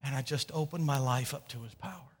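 A man preaching a sermon, telling a personal story with lively, stammering restarts. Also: medium pitch, fast, breathy edge, big-room sound. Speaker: pastor.

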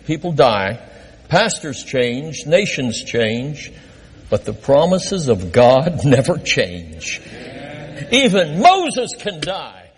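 A man's voice: fairly high pitch, breathy edge. An older man, a pastor, preaching and telling self-mocking stories from his early ministry. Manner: animated, self-mocking storyteller. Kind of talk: sermon with personal stories. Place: church sanctuary. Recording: long reverb of a church hall.

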